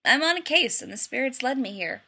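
A woman's voice: sits high, sing-song, brisk, bright, forceful tone, breathy edge, exaggerated voice. A woman voicing a cheeky, upbeat young man who teases everyone in an audiobook reading. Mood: breezy. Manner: upbeat and teasing. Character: cheeky breezy young man, fake psychic.

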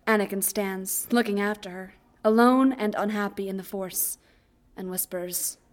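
Quiet woman reading a story aloud. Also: mid-range voice, steady tone, moderate pace. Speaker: narrator. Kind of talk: audiobook reading of fan fiction.

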